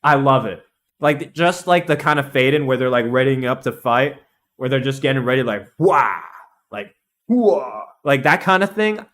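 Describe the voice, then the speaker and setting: A young man streaming a casual, excitable game analysis, rambling and laughing at his own slips. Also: mid-range voice, moderate pace.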